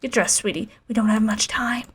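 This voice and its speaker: A woman's voice: fairly high pitch, a little fast, a little hiss or hum, close to an everyday voice. A woman voicing a sly, teasing old female demon servant in a game.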